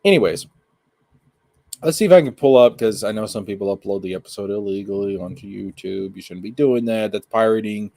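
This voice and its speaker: A man hosting a casual live-stream anime review, talking excitably in slang and repeating his points. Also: lowish voice, fairly quick, creaky.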